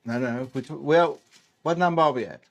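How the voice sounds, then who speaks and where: A man's voice: mid-range voice, brisk. South african-born guy rating pies, casual rambly chat, keeps trailing off and joking at himself. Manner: chatty and self-deprecating, trailing off mid-sentence. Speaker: food vlogger. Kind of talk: casual food-tasting chat.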